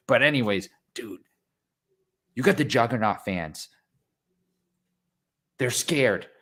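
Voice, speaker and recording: Young male co-host, animated and excitable, pitch swinging all over, loud crowd impressions, casual swearing. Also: takes it slowly. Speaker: podcast co-host.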